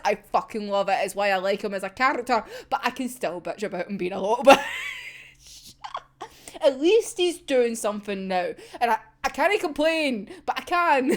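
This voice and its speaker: A woman in casual reaction commentary, animated, swearing a lot and breaking into frequent laughter. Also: high-pitched.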